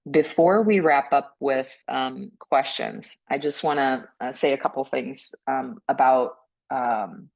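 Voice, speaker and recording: A woman speaking on a panel about mental health, gentle and earnest, often tagging her points with a questioning "right?" and restarting her words. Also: a bass voice, takes it slowly, creaky, hardly any pauses, poor audio. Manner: frequent restarts and repeated words. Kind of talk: reflective panel talk.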